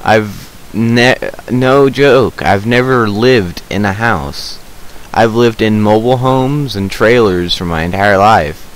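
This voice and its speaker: A man's voice: on the low side, a little hiss or hum, rough recording. A man chatting casually to his viewers while playing a survival game, rambling with lots of fillers. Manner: unhurried with many fillers. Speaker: gameplay video creator. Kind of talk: casual gameplay commentary.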